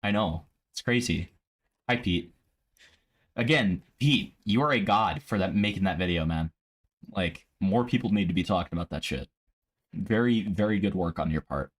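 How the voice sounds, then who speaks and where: A man's voice: deep voice, moderate pace. A man live-streaming a casual reaction, profane and mocking.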